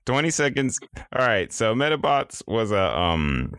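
A man's voice: medium pitch, big pitch swings, measured pace, fairly bright tone, no room sound. A young adult man co-hosting a podcast, joking dryly and rambling through casual chat. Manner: dry joking, rambling explanations. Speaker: podcast co-host.

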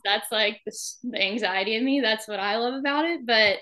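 A woman's voice: on the high side, lively intonation, normal speed, hardly any pauses, sharp tone. A young woman from Alabama with a Southern accent, chatting casually as a podcast guest and laughing often. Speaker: podcast guest, hockey wife. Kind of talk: casual interview chat.

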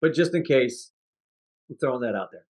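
A man's voice: mid-range voice, lively intonation, moderate pace, darkish tone. A man co-hosting a movie review podcast, chatting casually and acting out scenes from the film with laughter. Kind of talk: casual chat.

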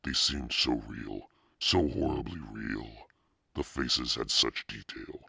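A man giving a measured, dramatic audiobook narration. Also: very deep voice, creaky, sharp tone, husky, no room sound, studio quality.

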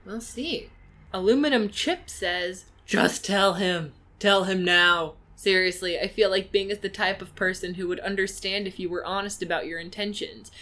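A woman's voice: medium pitch, normal speed, a bit bright. A woman co-hosting a casual podcast, reading listener comments aloud with playful asides. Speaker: podcast co-host.

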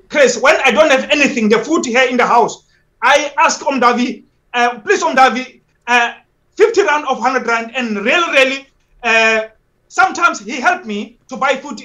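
High, bright-voiced man, urgent. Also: moderate pace. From South Africa. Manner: urgent and repetitive, restarting phrases, pleading tone. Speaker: activist guest. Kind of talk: impassioned interview on a live stream.

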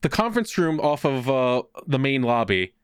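A young man telling a long anecdote in a casual chat, swearing freely and getting animated when quoting people. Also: mid-range voice, normal speed, clear, resonant tone, dry recording, studio quality.

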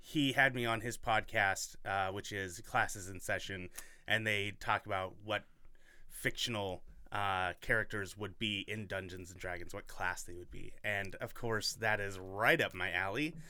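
Bright-voiced rambling podcast host man. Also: fairly low pitch, unhurried, smooth, no room sound. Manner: rambling, enthusiastic, lots of fillers and restarts. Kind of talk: casual chat.

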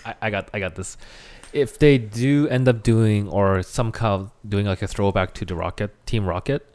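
A man's voice: fairly low pitch, moderate pace, darkish tone. A man chatting casually with a friend. He laughs often and sometimes trails off mid-thought. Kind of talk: casual chat.

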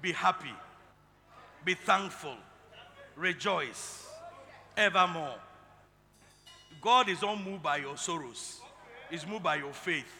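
A male pastor preaching a sermon, leading the congregation in call and response and building up to shouting. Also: on the high side, takes it slowly, pauses often. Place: large church hall. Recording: reverberant hall with music.

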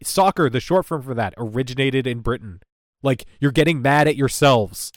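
A man's voice: medium pitch, normal speed, dry recording. Sarcastic ranting man on a dry mic. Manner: rambling, sarcastic rants with mock voices. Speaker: podcast co-host. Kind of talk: casual chat recapping a TV episode.

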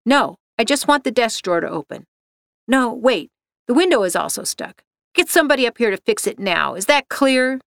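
A woman's voice: a little high, lively intonation, normal speed, gravelly, fairly bright tone, dry recording, clean studio sound. A woman voicing a curt, bossy office manager. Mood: demanding. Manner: curt and demanding.

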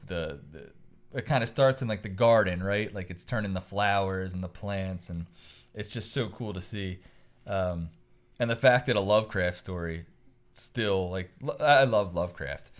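A man co-hosting a movie podcast, talking in a rambling, enthusiastic way with lots of fillers. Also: deep voice. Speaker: podcast co-host. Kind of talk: casual chat.

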